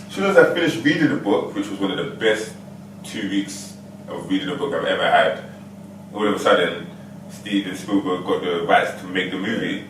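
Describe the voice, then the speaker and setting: A man co-hosting a podcast, telling stories in a relaxed, slangy way, his pitch a little low but swinging widely. He sounds set back from the mic in a very echoey room, with some noise behind him. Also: brisk. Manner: laid-back storytelling with slang. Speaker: podcast co-host. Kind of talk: casual chat. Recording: roomy, distant mic with background noise.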